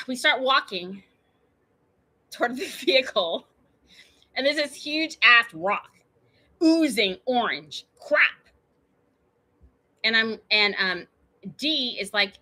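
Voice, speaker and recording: A woman's voice: on the high side, pushed and bright. A woman hosting her own show, telling a personal story in a chatty, meandering way full of tangents and fillers. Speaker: show host.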